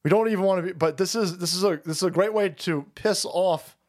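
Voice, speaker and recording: A man's voice: high-pitched, a little fast, very noisy. A middle-aged man hosting a live stream, ranting casually and with heavy profanity, rambling and calling his viewers boys. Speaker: streamer host.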